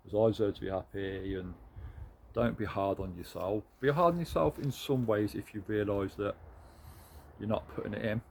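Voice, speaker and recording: A man's voice: on the low side, darkish tone, slight background noise. A British man giving a candid, earnest and encouraging motivational talk to his viewers. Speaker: motivational vlogger.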